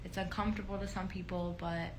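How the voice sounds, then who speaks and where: A woman's voice: on the low side, flat delivery, fast talker, background noise. A woman who is a guest on a casual livestream chat, chiming in with supportive comments.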